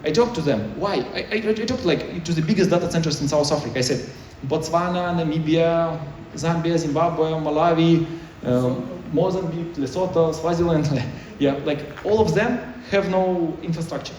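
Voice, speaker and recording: A man's voice: on the high side, moderate pace, hardly any pauses, a little mellow, slight background noise. A man giving a conference talk in choppy, non-native English, with many restarts. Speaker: conference speaker. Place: conference hall. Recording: echoey hall, mic far off.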